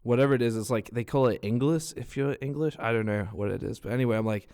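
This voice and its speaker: A man's voice: mid-range voice, quick pace, clean tone. A young man with an Australian accent telling rambling, swear-filled stories in a casual vlog, his nose stuffed from a cold. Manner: swears a lot, rambling and animated. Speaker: vlogger.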